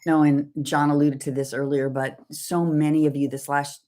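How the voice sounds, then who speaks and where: A woman's voice: sits low, flat delivery, normal speed, dark tone. A middle-aged woman from Southern California co-hosting a livestreamed devotional talk, telling personal stories in a reflective way. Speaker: co-host.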